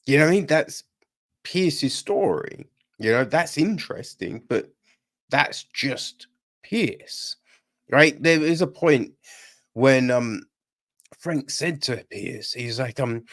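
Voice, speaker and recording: Guy on a film review podcast, feeling rough, slow easy pace, blunt, keeps saying right?. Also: medium pitch, expressive, fairly bright tone. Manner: conversational, keeps asking "right?" and "you know what I mean?"; blunt, swears casually. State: feeling unwell. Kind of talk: casual chat.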